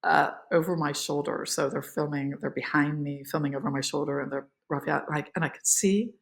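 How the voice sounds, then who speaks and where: An actress as a podcast guest, telling emotional behind-the-scenes stories in a lively, filler-filled way. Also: female voice, deep voice, a little fast, creaky. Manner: animated, emotional, many fillers. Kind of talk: casual interview storytelling.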